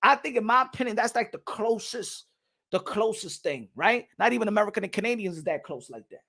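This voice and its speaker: A middle-aged Puerto Rican man runs a casual boxing live stream. His voice sits high and bright. He rambles, stumbles over repeated words and slides from English into Spanish. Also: lively intonation, a little fast, vocal fry. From Puerto Rico. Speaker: boxing channel host.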